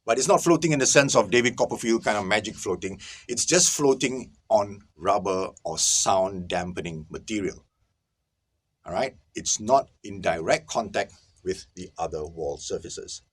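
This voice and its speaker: A man with a lowish, slightly rough voice speaks at a moderate pace and with plenty of expression. He hosts a casual video lesson on audio recording from a small soundproofed booth, explaining emphatically and checking in with viewers often. The sound comes from a camera-mounted microphone, not a lapel mic.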